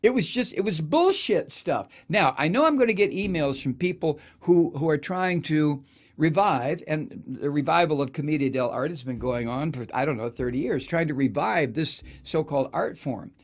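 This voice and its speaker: A male political talk host rants sardonically through a profane monologue. His gravelly voice sits fairly high and swings widely in pitch as he mocks and digresses. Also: lively intonation, normal speed. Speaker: radio talk show host.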